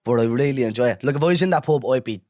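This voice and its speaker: A man's voice: medium pitch, very fast, a little mellow, no room sound. Young guy, chill banter, medium voice, dry sound. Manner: laid-back banter, reads listener questions. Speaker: podcast co-host. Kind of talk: casual chat.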